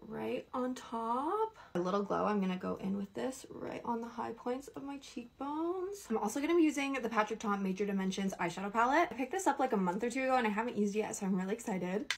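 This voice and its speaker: A woman's voice: on the high side, quick pace, breathy edge. A young woman, chatting casually through a makeup tutorial in a rambling, upbeat way. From Canada. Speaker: beauty creator.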